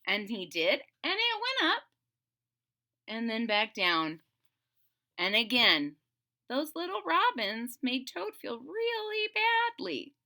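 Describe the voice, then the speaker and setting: Bright, animated woman reading to kids. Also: on the high side, takes it slowly. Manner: animated and expressive, talking to young listeners. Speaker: read-aloud storyteller. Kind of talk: children's story read-aloud.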